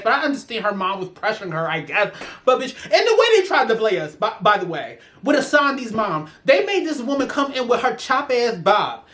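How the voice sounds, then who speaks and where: A woman's voice: fairly high pitch, a bit bright. A woman giving a ranting review in a vlog, sassy and profane as she vents. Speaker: show reviewer.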